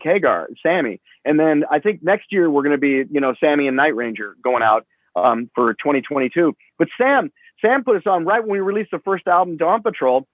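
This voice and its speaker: Rambling rock musician on a tinny line. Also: male voice, on the high side, no echo. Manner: rambling, profane, lots of fillers and restarts. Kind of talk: casual storytelling.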